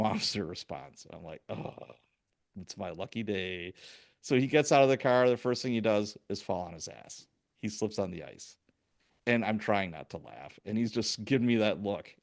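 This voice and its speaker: A man in his sixties from Chicago, hosting a podcast and telling lively anecdotes with acted-out quotes. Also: on the low side. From Chicago, USA. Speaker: podcast host. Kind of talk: casual storytelling interview.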